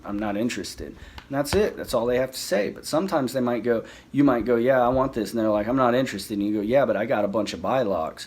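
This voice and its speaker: Low-voiced man rambling casually. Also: slight background noise. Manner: rambling, loose, full of "you know" and restarts. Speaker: lock collector sharing tips. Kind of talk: casual to-camera monologue.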